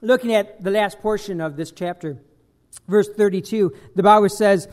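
A man preaching a sermon as pastor, emphatic, swinging between loud bursts and quiet dropped lines. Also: high-pitched, normal speed.

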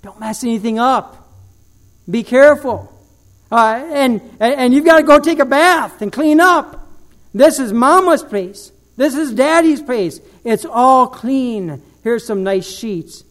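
A preacher playing fussy, house-proud parents. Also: male voice, very high voice, lively intonation, slow, fairly bright tone, heavily acted. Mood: fussing. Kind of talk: sermon storytelling.

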